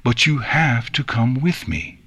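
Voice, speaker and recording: A man reading an audiobook and voicing a calm, regal female pony princess with soft, measured speech. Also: mid-range voice, pitched above the performer's own voice. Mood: firm.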